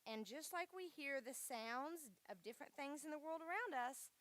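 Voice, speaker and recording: A woman's voice: high-pitched, expressive, moderate pace, few pauses, fairly bright tone, no room sound. A woman leading a children's church lesson, upbeat and coaxing, often saying "all right". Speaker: Vacation Bible School leader.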